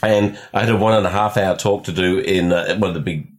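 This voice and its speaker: A man's voice: low voice, fairly even intonation, fairly quick. A man hosting a podcast, telling a story in a casual, rambling way, often repeating words as he restarts and laughing along.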